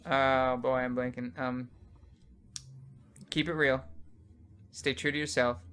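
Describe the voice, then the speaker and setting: A man's voice: medium pitch, flat delivery, slow pace, fairly bright tone. A man as a new co-host in a casual podcast, polite and mock-formal, hesitating with ums.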